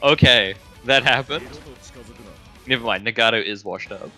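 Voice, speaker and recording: A man commentating a fighting game stream, calling the action with quick play-by-play and dry jokes. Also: medium pitch, pushed and bright, soft background music. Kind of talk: casual esports commentary.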